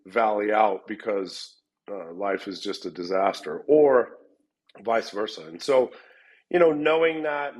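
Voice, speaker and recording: A man's voice: fairly low pitch, poor audio. A middle-aged man, a fight gym coach, answering interview questions in a rambling way, often restarting and repeating words. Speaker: MMA gym head coach.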